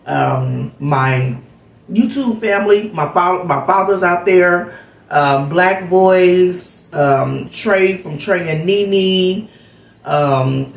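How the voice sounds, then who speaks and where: Woman host, gravelly, heartfelt rambling chat, a bit far from the mic. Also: low-pitched. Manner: rambling, heartfelt, lots of fillers. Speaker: vlogger host. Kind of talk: casual storytelling chat. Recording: echoey room, off-mic.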